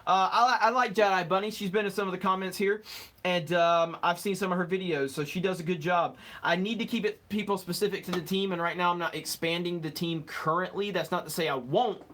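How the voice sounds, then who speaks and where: A man's voice: sits high, steady tone, fairly quick, a bit bright. A young man hosting a live stream, casually reading out chat comments with a joking, rambling manner and the odd fumble over words.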